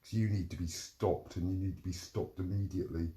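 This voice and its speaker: Brisk and mellow in a low voice with fairly even intonation, a middle-aged vlogger vents in a heated monologue full of profanity and repetition.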